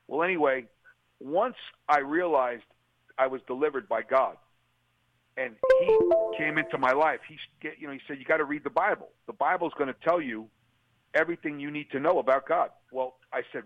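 A man's voice: mid-range voice, dry recording. An older man, a guest telling his personal testimony and acting out what people said. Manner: storytelling, acts out quotes. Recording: tinny phone-like line.

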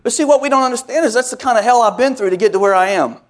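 Male pastor, higher-pitched voice, preaching with call-and-response asides. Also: racing. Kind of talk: sermon.

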